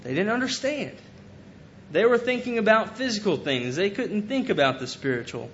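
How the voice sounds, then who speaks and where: A man's voice: big pitch swings, moderate pace, fairly bright tone. A man preaching a sermon, earnestly retelling scripture and paraphrasing it in casual everyday speech. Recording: dull lo-fi recording with faint rumble.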